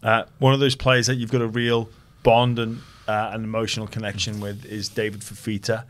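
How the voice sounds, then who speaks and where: A man's voice: on the low side, flat delivery, fairly quick. A man hosting a sports podcast interview, talking bluntly and reflectively, swearing casually. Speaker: podcast host, former player.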